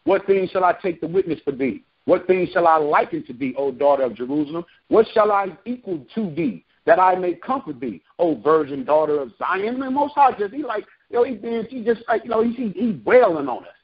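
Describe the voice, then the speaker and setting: High husky guy preaching scripture then riffing in slang, dull lo-fi recording. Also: expressive, brisk, hardly any pauses. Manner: reads verses then breaks into slangy asides. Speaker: street preacher.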